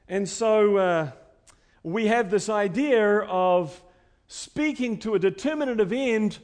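Lively, emphatic man teaching scripture. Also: high-pitched. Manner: explanatory, emphatic, swings between loud stresses and quiet asides. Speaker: preacher teaching Bible study. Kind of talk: teaching sermon.

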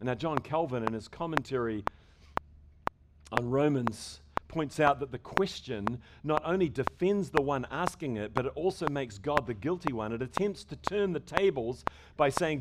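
A man's voice: mid-range voice, lively intonation, normal speed. Emphatic preacher man, noisy recording. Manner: emphatic, asks the congregation rhetorical questions. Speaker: pastor. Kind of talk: sermon. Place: church service before a congregation. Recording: loud background noise with clicks.

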